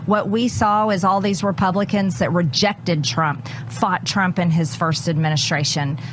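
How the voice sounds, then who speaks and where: A woman's voice: on the low side, steady tone, normal speed, a little hiss or hum. A woman politician giving a TV news interview, pressing her points hard and repeating them for emphasis.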